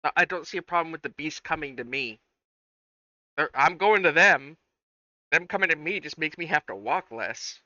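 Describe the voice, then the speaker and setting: A man's voice: on the high side, animated, moderate pace, sharp tone, no room sound, dull audio. A man playing a tabletop game, speaking in a blunt, brash way. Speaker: player. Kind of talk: casual chat.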